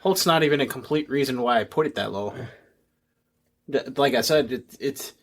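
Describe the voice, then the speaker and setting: A man's voice: medium pitch, normal speed, slightly rough. A man co-hosting a podcast in casual chat, firing off wry, teasing questions. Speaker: podcast co-host.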